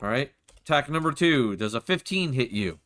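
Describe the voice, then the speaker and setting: A man running a tabletop role-playing game as game master, narrating attacks and rolls in a casual, unhurried way and swearing when flustered. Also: mid-range voice, animated, a bit bright.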